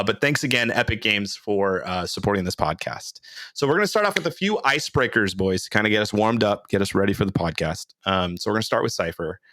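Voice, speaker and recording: A man's voice: on the low side, pushed and bright, no echo, studio quality. A man hosting a gaming podcast, asking questions in a playful, joking way. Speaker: podcast host. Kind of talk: casual podcast interview.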